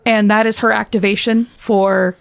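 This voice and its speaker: Female player, gravelly voice, calm curious questions, dry sound. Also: medium pitch, normal speed, no echo. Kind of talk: casual tabletop roleplay.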